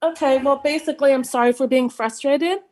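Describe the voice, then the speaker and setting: Casting: high-pitched woman, blunt and fed up, city meeting public comment. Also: a little fast, darkish tone. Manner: frustrated, emphatic, blunt.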